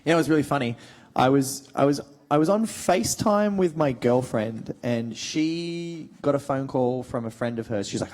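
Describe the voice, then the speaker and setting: A man in his thirties, a guest actor on a convention panel, telling animated stories and acting out quotes with a laugh. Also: mid-range voice, normal speed. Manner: animated storyteller, acts out quotes, laughs often. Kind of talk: casual panel Q&A, anecdotes.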